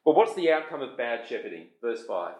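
A man's voice: medium pitch, very animated, mellow. Emphatic man preaching in a roomy hall. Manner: emphatic, rising on lists, slowing for scripture reading. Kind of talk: expository sermon.

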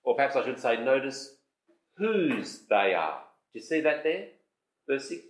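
A man preaching an expository sermon, emphatic, lifting his voice on lists and slowing down when he reads scripture aloud. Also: mid-range voice, very animated. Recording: roomy hall sound.

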